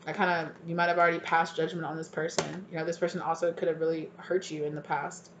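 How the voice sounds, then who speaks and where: Woman, tarot reader, casual rambling talk, fillers, slightly low voice, faint background noise. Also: flat delivery, fast, reverberant. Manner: chatty, loose, lots of fillers and repeats. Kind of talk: casual tarot reading to viewers.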